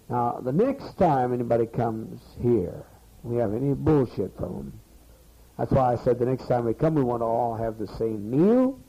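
Dark-voiced man scolding on old tape. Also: mid-range voice, husky. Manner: profane, scolding, emotional. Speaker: leader addressing a community meeting. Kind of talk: rambling scolding speech to a gathering. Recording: muffled lo-fi archival tape.

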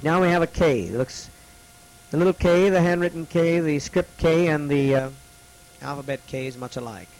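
A man teaching a classroom lesson, slowly repeating each letter's sound for students to copy. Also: fairly high pitch, a little mellow, low-quality recording.

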